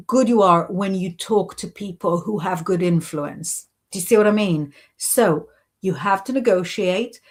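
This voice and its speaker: Slow-talking woman hosting a chatty live stream. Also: medium pitch. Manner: chatty and encouraging, full of "sort of" and "you know". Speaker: live-stream host giving intuitive readings. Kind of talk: casual live-stream chat, reading viewer comments.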